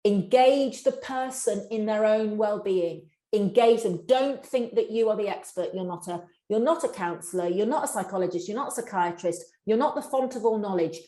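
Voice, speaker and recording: A brisk, fast-talking woman explains how to handle a sensitive workplace conversation, breaking off and restarting her sentences as she goes. Her medium-pitched voice rings in an echoey room. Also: mellow. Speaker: workplace mental health speaker. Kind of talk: live webinar answer to a question.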